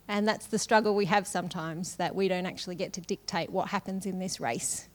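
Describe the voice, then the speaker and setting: A woman's voice: fairly low pitch, fairly even intonation, fairly quick, few pauses. A middle-aged woman giving a sermon in a casual, conversational way, often laughing between phrases. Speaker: conference speaker.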